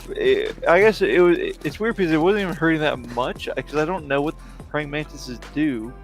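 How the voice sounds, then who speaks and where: A man's voice: on the high side, moderate pace, creaky, faint music behind. A young man streaming a game, chatting casually in a rambling way with many fillers and restarts.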